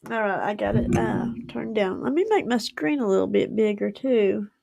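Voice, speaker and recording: A woman's voice: medium pitch, lively intonation, normal speed, creaky, mellow, no echo. A woman, hosting a casual livestream and chatting effusively with frequent giggles. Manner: effusive and giggly, laughs often. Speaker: livestream host.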